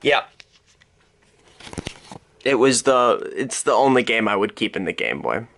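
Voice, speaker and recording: A man's voice: mid-range voice, sing-song, measured pace, creaky, fairly bright tone, slight background noise. A young man thinking aloud at home, giving off-the-cuff commentary that rambles with self-deprecating asides, recorded on a separate microphone. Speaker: commentary host. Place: at home in his room. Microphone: separate microphone synced to camera.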